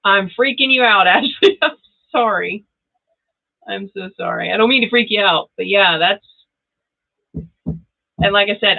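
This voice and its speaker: Through tinny, phone-like audio comes the creaky, medium-pitched voice of a middle-aged tarot reader hosting a live session on her channel. She chats with viewers directly and laughs a lot.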